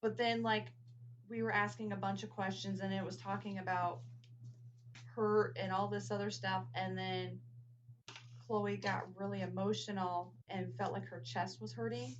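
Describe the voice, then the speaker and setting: A woman's voice: medium pitch, little pitch movement, normal speed, slight background noise. A woman from the house's family tells stories in a chatty, rambling way and keeps the talk casual. She is indoors in an old house. The recording is slightly muffled and lo-fi. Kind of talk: casual storytelling chat.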